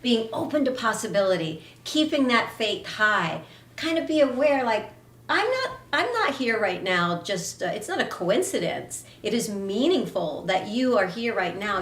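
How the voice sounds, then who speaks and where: A woman fitness instructor introducing a live online class in a warm, chatty way. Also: mid-range voice, echoey room.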